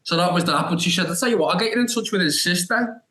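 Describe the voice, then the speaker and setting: A man's voice: high-pitched, fast talker, sharp tone, low-quality recording. A young man tells a long story as a guest on a podcast. He rambles through restarts and filler like "da da da", and he acts out his own reactions along the way. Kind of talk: animated anecdote storytelling.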